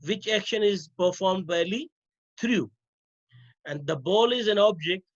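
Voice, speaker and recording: Guy teacher going over grammar slides, slow and repetitive, high voice, kinda dull audio. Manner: slow, repetitive explaining to students.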